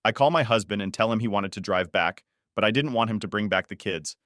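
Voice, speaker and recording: Low-voiced man reading a story. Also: brisk, fairly bright tone, dry recording, studio quality. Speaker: story narrator. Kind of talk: reading an online post aloud.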